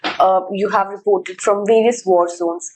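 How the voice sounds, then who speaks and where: A woman hosting an interview, asking questions and thanking her guest in a polite, measured way. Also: mid-range voice, animated, darkish tone, rough recording. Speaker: host.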